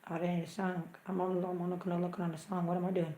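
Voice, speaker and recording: A woman's voice: on the low side, flat delivery, fast talker, mellow, a little hiss or hum. A woman hosting a casual livestream, chatty and self-mocking, often muttering half to herself. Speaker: livestream host. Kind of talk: casual live chat. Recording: echoey room.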